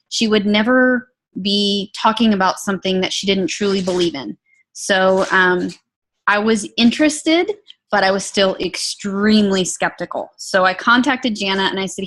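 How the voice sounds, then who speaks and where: Woman, earnest testimony, emotional, animated storyteller, mid-pitched voice. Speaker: product testimonial speaker. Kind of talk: personal testimony.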